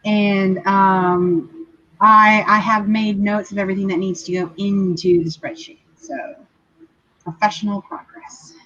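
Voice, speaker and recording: A woman on a livestream, calmly explaining her task list in casual chat. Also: mid-range voice, a little slow, lo-fi sound. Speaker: writer on a livestream.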